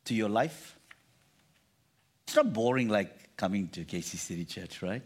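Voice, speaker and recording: A pastor with a fairly low, husky voice preaches a sermon to his congregation at a slightly slow pace. He reads scripture animatedly, restarts and repeats phrases, and often calls on the crowd to repeat after him.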